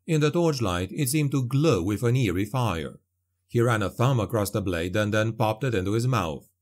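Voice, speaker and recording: A man reading a dark fantasy story aloud as an audiobook narrator, measured and vivid. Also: on the low side, lively intonation.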